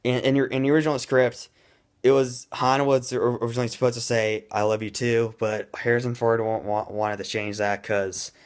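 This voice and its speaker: A man giving a casual, rambling movie review in an excitable way, admitting he talks too fast. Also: mid-range voice, clean tone.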